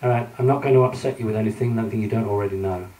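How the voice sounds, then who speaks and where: A man's voice: lowish voice, fairly even intonation, racing, dark tone. A man giving a talk with slides to a live audience, speaking conversationally and directly to them, with frequent ums and restarts. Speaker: public speaker lecturing with slides. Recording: roomy hall, voice from a distance.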